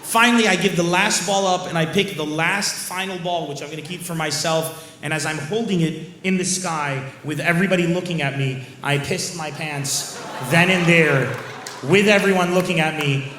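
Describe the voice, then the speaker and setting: A male stand-up comedian answering audience questions after a show, telling crude stories in an animated, shouty way on a stage mic. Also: a little high, normal speed. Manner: animated, shouty storytelling with bursts of crude jokes. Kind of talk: post-show Q&A banter. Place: live venue stage with audience. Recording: roomy venue with faint crowd noise.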